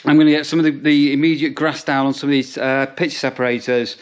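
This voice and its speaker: A man's voice: medium pitch, level tone, quick pace, no room sound. A man, a campsite warden chatting casually outdoors, rambling with lots of ums and restarts. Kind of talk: casual vlog narration.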